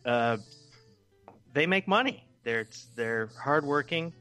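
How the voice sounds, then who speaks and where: A joking co-host who talks loud and swears freely in casual banter. His voice sits at a middle pitch, with faint music in the background. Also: animated, slow pace. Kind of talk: casual comedic chat.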